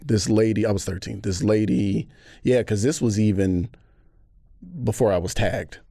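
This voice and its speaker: A man from Atlanta, a podcast guest telling a story with animated energy and acted-out quotes. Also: fairly low pitch, normal speed, creaky, dry recording, clean studio sound. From Atlanta, USA. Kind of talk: casual conversation.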